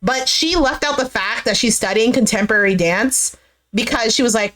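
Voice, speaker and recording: A woman's voice: mid-range voice, fast talker, fairly bright tone. A woman chatting casually as she recaps a reality dating show, acting out what people said and swearing now and then.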